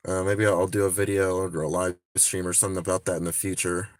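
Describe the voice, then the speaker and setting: A man's voice: low-pitched, little pitch movement, fast, dry recording, clean studio sound. A man chatting casually on a phone livestream, rambling with many restarts and frequent swearing.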